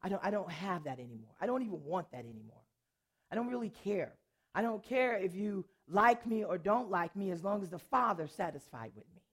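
An older woman pastor and worship leader, preaching in a storytelling way, animated and often laughing as she tells a personal story. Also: mid-range voice, a little fast, husky. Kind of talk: sermon storytelling.

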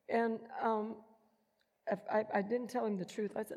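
A woman giving a personal testimony in an animated storytelling manner, acting out the voices she quotes. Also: fairly high pitch, brisk, creaky. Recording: long hall reverb.

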